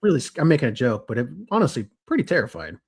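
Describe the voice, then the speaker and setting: A young man co-hosting a podcast, walking listeners through a story from his notes. He talks casually and animatedly, restarting and correcting himself as he goes, in a voice of middle pitch. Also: sing-song, racing, breathy edge. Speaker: podcast co-host.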